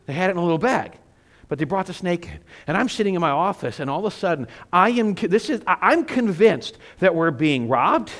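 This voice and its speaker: A middle-aged male pastor preaching a sermon, telling stories with animated, self-mocking humor. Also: high-pitched, brisk.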